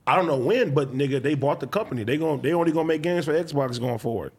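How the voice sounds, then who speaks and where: Husky, animated young man in group banter. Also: fairly high pitch, fast. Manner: animated, bantering, steers the talk. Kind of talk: casual group chat.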